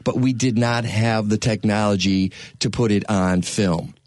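A man's voice: fairly low pitch, unhurried, darkish tone, dry recording. A man hosting a radio talk show, rambling and joking with lots of fillers from a studio. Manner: rambling, jokey, full of fillers.

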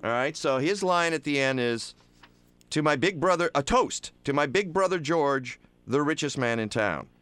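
A man with a hoarse voice hosting a talk radio show, joking and animated. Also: mid-range voice, normal speed, hardly any pauses, no room sound. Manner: jokey, animated. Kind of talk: casual radio banter. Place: radio studio.

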